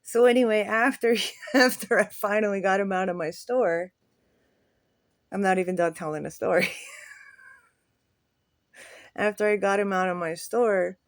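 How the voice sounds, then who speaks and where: A man's voice: high voice, normal speed, pauses often, no echo. Candid rambling male storyteller, dry sound. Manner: candid, rambling, with swearing and nervous laughs. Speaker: flea market vendor. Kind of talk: casual storytelling monologue.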